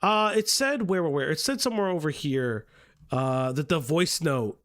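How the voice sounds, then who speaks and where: Young man, livestream host, profane, exasperated, animated pitch, bright tone. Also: moderate pace. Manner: profane, exasperated, shouts at chat. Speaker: stream host. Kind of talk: livestream commentary.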